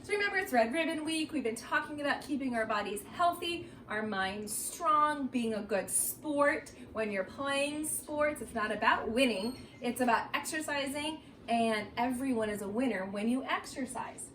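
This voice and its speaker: A woman's voice: high-pitched, lively intonation, fairly bright tone, recorded from a distance. Woman, teacher, sing-song and encouraging, roomy echo, set back from the mic. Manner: slow, sing-song and encouraging, stretching out words. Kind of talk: read-aloud phonics lesson for young children. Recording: roomy echo, voice a little off-mic, faint background noise.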